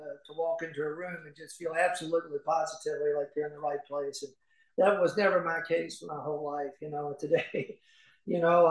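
An older man tells a personal story to an audience in a folksy, chatty way, laughing and dropping fillers as he goes. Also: on the high side. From Kentucky, USA. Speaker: recovery meeting speaker. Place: large meeting hall. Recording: echoey hall recording.

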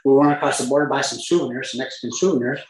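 A man from Utah telling a humorous personal story as a speaker at a recovery meeting, with lively asides and chuckles. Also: medium pitch, racing, reverberant, low-quality recording.

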